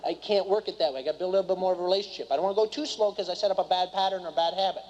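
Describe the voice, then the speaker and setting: A man runs a live seminar at a rapid clip, his voice sitting high for a man. He keeps firing questions at the crowd. The recording is dull and lo-fi. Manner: rapid and animated, keeps quizzing the audience. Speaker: seminar speaker and business trainer. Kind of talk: live motivational seminar talk. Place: meeting room before a live audience.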